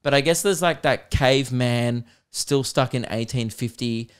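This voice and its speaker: A man's voice: medium pitch, measured pace, clear, resonant tone. A young Australian man hosting a podcast, ranting crudely and sarcastically between laughs. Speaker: podcast host and comedian. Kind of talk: casual comedic rant.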